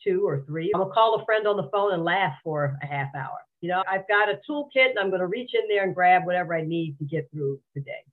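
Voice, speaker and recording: A woman's voice: on the low side, animated, brisk, hardly any pauses. A woman guest on a podcast, frankly and earnestly telling her own story, often repeating words as she goes. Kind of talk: candid personal interview. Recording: tinny phone-like remote line.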